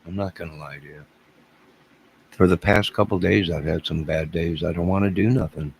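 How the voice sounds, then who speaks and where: A man's voice: low-pitched, steady tone, moderate pace, breathy edge, low-quality recording. A man hosting a casual livestream, rambling and self-deprecating as he chuckles and answers viewers' chat. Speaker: livestream host.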